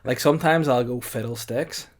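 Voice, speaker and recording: Deadpan man. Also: mid-range voice. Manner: dry, deadpan, quick-witted. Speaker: podcast co-host. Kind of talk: casual comedic chat.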